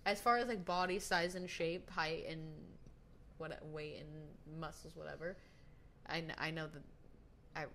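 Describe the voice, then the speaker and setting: A woman's voice: sits low, fairly even intonation, a little slow, a bit bright, slight background noise. A young woman co-hosting a podcast, blunt and teasing in casual banter. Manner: teasing, blunt, laughs often. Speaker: podcast co-host.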